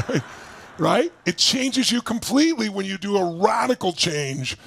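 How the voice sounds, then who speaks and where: A man leading an online seminar as a motivational speaker, energetic and emphatic, firing questions at his audience. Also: high-pitched, normal speed, slight background noise. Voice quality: gravelly, husky. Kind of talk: live online seminar coaching. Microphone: speaking to camera for remote viewers.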